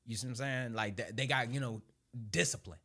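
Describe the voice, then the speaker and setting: Animated, swearing ex-Marine telling stories. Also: male voice, mid-range voice, brisk. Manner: animated, laughing, profane. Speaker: former Marine sergeant and speaker. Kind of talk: conversational storytelling.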